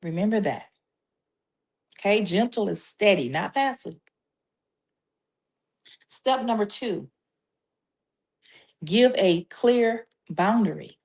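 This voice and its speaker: Speaking as a Christian life coach, a woman offers faith-based parenting advice, laying out numbered steps supported by scripture in a measured, emphatic manner. Her medium-pitched voice is expressive and a little mellow.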